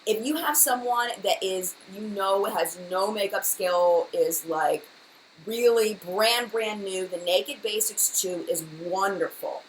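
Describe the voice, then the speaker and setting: A woman in her thirties hosting a live stream, answering viewers in a fast, rambling, chatty way with many fillers. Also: medium pitch, a little hiss or hum, low-quality recording. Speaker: beauty channel host.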